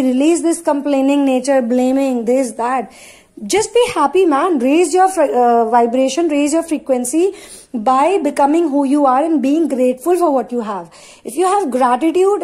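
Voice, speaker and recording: A woman's voice: high-pitched, dark tone. A woman giving a spiritual channeling talk, speaking in emphatic, repetitive affirmations and casual asides with frequent fillers.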